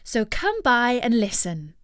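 Expressive woman storyteller, unhurried. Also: a little high, smooth, no echo, studio quality. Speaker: storyteller and host. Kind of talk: storybook narration.

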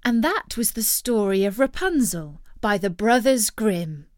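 A woman storyteller and host narrating a fairy tale in a gentle, expressive way on a close studio mic. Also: medium pitch, unhurried, no echo.

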